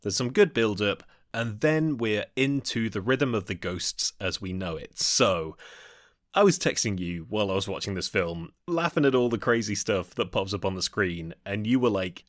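A man's voice: fairly low pitch, big pitch swings, normal speed, no room sound. Wry man on a dry podcast mic. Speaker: podcast co-host. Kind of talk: casual film podcast chat.

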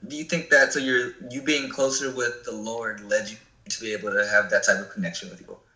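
A man's voice: mid-range voice, level tone, a little fast, bright, forceful tone. A man talking earnestly in a casual faith conversation, often searching for his words. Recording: echoey room.

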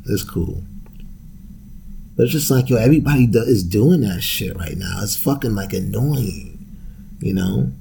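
Man, podcast host, dark gravelly voice, casual profane rambling. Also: on the low side, moderate pace, a little hiss or hum. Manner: profane, rambling, laughs often. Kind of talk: casual solo podcast rant.

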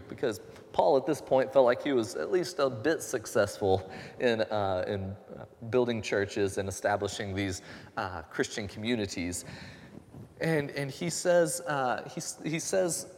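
A man pastor giving a conversational sermon, relaxed and joking with lively asides. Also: medium pitch, a little slow. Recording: long hall reverb.

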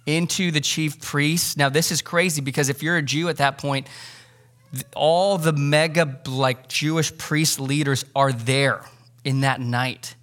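A man preaching a sermon, lively and joking, acting out the disciples in quick asides. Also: medium pitch. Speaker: pastor.

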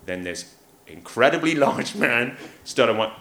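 Animated man telling comic stories in a theatre. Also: medium pitch, normal speed, hardly any pauses. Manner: animated, acts out voices, laughs often. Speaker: comedian guest. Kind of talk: comic storytelling. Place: theatre stage before a live audience. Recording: echoey live theatre.

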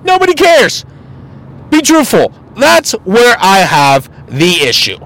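Blunt high-voiced man ranting. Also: huge pitch swings, slow pace, fairly bright tone, low-quality recording. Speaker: podcast host. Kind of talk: opinion podcast monologue.

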